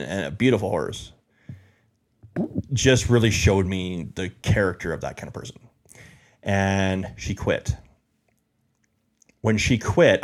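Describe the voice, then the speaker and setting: Rambling man with a low voice. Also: creaky. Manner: rambling, repeats himself, frequent fillers. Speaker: guest. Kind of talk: casual storytelling interview.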